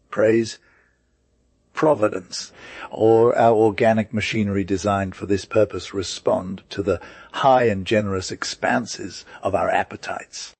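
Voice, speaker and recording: A man doing a puffed-up gentleman in a stage play, low voice, grand flowery words, dry sound. His speech is lordly and long-winded. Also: husky, no room sound. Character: pompous hungry gentleman traveller.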